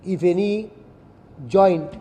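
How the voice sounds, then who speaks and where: A middle-aged man with an Indian English accent gives a firm, deliberate press statement as chief minister, reading out legal sections one by one. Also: high voice, mellow. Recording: echoey room, faint background noise.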